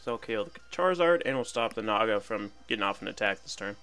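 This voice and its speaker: A man's voice: fairly low pitch, animated, fast, bright, forceful tone, faint music behind. A young man casually commentating his own battle game, chatty and playful, thinking aloud about each move. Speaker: gaming commentator.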